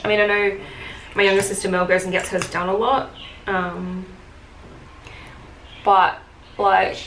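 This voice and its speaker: A young woman chatting casually while doing her makeup, telling a story with lots of fillers. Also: medium pitch. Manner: chatty, many fillers, animated retelling. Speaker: beauty vlogger. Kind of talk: casual get-ready-with-me storytelling. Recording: echoey room with faint hiss.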